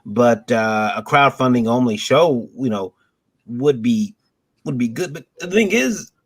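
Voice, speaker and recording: A man's voice: medium pitch, expressive, a little slow, husky. A man joining an online panel chat as a guest, speaking hesitantly with many fillers and restarts. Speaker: guest, fellow show host.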